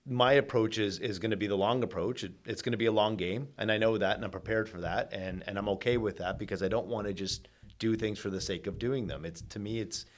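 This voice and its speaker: A man's voice: lowish voice, steady tone, fast talker. A man who works as a mortgage agent, a guest in casual podcast chat, speaking earnestly with dry humor and often repeating words as he thinks.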